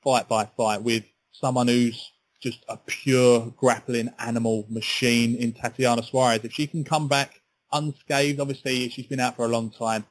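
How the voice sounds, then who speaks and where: A man's voice: mid-range voice, little pitch movement, moderate pace, rough recording. A man co-hosting a sports podcast in casual, chatty talk, often repeating his words. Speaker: podcast co-host.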